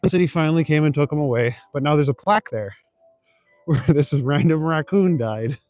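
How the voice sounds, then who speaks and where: Faint music sits behind a young streamer who walks the city at night, chatting with his audience and responding to their comments. He's laid-back and chuckling, rambling with lots of fillers, his voice on the high side with a darkish tone, at a moderate pace, with no room sound.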